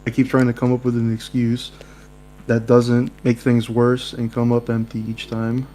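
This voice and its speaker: A man's voice: mid-range voice, moderate pace. A young man reads a dating-sim game aloud with friends on a home mic, cracking jokes and laughing between lines. A faint mains hum runs behind his voice. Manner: laughing, jokey, animated asides. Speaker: game player reading aloud.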